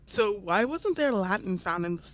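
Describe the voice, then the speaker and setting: A woman's voice: medium pitch, lively intonation, moderate pace, highs cut off. A woman co-streaming a game, chatting casually, often laughing and apologizing. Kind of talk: casual chat.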